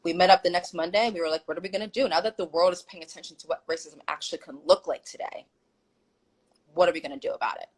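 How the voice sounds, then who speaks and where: On a video call, a woman guest tells a story in casual chat, animatedly acting out the quoted dialogue of the people involved. Her voice has a fairly low pitch and a fast pace, and the recording quality is low.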